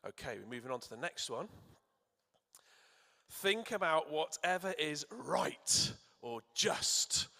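A man preaching in a church, warmly encouraging and asking the children to call out answers. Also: fairly high pitch, lively intonation, takes it slowly, creaky, in a large hall. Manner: encouraging, asks the audience to shout answers. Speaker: church speaker. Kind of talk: sermon with questions to children.

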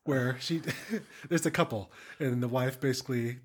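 A man's voice: medium pitch, normal speed. A man co-hosting a podcast, chatting casually, rambling and laughing through his stories. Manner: giggly, rambling, animated. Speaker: podcast co-host. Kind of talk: casual chat.

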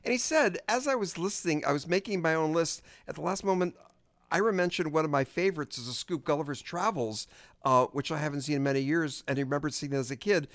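A man's voice: fairly high pitch, quick pace, a bit bright, no room sound. A man co-hosting a podcast in casual chat, joking and rambling as he reads a listener's email. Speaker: podcast co-host.

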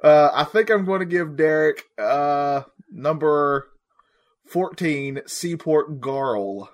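A man's voice: fairly high pitch, animated, slow pace. A laid-back man co-hosting a casual podcast, easily agreeing and laughing along. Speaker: podcast co-host.

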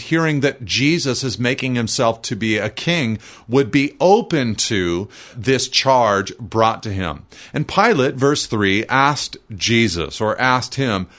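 A man preaching an expository sermon, reading scripture aloud and explaining it in a measured, teaching manner. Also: medium pitch, fairly bright tone.

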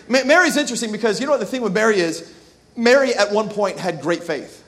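A man's voice: high-pitched, animated, fast, fairly bright tone. A male pastor giving an impassioned sermon, calling out to the congregation to repeat words and answer back. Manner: impassioned preaching with call-and-response.

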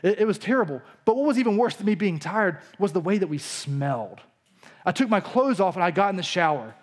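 A preacher with a drawl and a fairly high voice talks through scripture like a friendly teacher. His delivery is loose and chatty, full of restarts and homespun asides. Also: sing-song, a little fast. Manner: casual teaching tone with frequent restarts and storytelling asides. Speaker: pastor. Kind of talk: conversational sermon.

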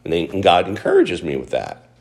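A man with a fairly low voice gives a sermon as pastor. He talks in a loose, conversational way and keeps asking his listeners questions as he explains scripture. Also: wildly swooping pitch, a little fast, vocal fry.

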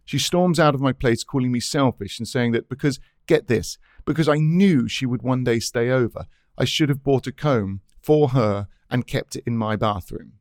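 A man voicing an exasperated bald man who tells an indignant, animated breakup story. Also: medium pitch, moderate pace, few pauses, no room sound, studio quality, close to an everyday voice.

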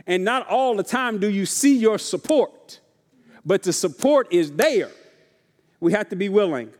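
A man's voice: high voice, lively intonation, unhurried, darkish tone. A man preaching a sermon to his congregation, with casual, folksy call-and-response delivery that keeps asking the room if they are ready. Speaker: pastor. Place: church sanctuary. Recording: long reverb of a large church hall.

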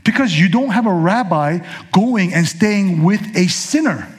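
High-voiced man preaching casually. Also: lively intonation, unhurried. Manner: conversational preaching with casual asides. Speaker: pastor. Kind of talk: sermon.

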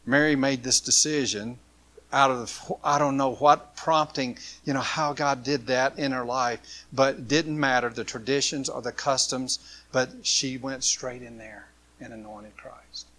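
A man preaching a sermon, swinging from loud, impassioned passages to hushed ones. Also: mid-range voice, fairly even intonation, a little slow. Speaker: pastor.

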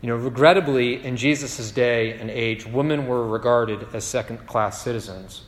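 A man's voice: mid-range voice, moderate pace. A man preaching a sermon in a conversational way, often checking in with "right?". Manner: conversational, keeps asking "right?". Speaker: pastor. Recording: long hall reverb.

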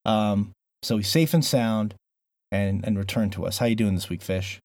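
A man's voice: lowish voice, fairly even intonation, moderate pace, a little mellow, dry recording. A man hosting a gaming podcast, opening the show in a playful, jokey way with lots of fillers. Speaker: podcast host. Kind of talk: casual podcast intro.

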